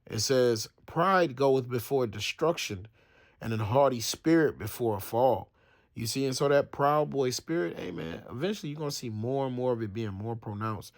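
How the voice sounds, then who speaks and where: A man leading a casual Bible study, reading old-fashioned scripture and then retelling it in loose everyday slang. His voice sits at an ordinary middle pitch. He often restarts his sentences and thinks out loud as he goes. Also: expressive, moderate pace. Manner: reads scripture then explains it in casual slang, acting out the people in the story; stumbles and restarts, thinks aloud while checking facts. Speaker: Bible teacher.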